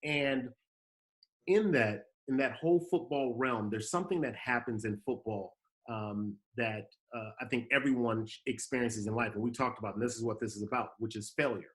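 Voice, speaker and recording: A man's voice: medium pitch, moderate pace, low-quality recording. A man hosting a talk in his thirties, telling a personal story about failure and acting out the voices in it. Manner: animated storyteller, acts out quotes, laughs often. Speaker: host.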